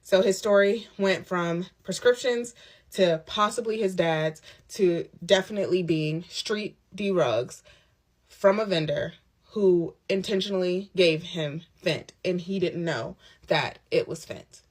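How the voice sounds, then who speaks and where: A woman telling her own story in a casual storytime monologue, candid and emphatic, with quick asides. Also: on the low side. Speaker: storyteller recounting a personal ordeal. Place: lives on a military base abroad.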